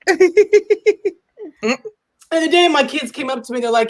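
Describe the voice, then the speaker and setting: A woman in her forties performing a stand-up comedy set on a live stage, animated and acting out dialogue in playful voices. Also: sits high, unhurried, pauses often.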